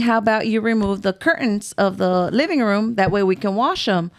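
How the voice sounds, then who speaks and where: A woman's voice: medium pitch, fairly quick. A middle-aged woman casually telling a spooky story on a podcast, rambling and acting out quotes. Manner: rambling, swears, acts out quotes. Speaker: podcast host.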